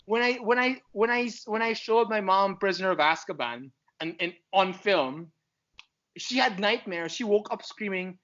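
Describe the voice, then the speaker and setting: A man chatting as a podcast guest in an excitable, rambling, fannish way. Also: high-pitched, moderate pace, dull audio. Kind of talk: casual chat.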